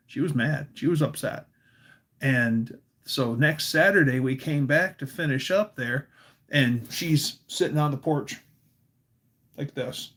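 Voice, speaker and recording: Male streamer, rambling chatty storyteller, fairly high voice. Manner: rambling, many fillers and restarts. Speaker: livestream host. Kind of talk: casual livestream chat and storytelling.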